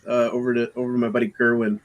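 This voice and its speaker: A man's voice: medium pitch, little pitch movement, racing, dull audio. A man playing in a tabletop game, checking his moves in a tentative, questioning way. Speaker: player. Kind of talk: tabletop role-play.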